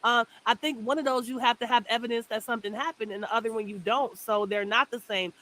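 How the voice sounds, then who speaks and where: A woman's voice: a little high, steady tone, quick pace, a bit bright, slight background noise, low-quality recording. A woman in casual chat, amused as she explains, laughing here and there.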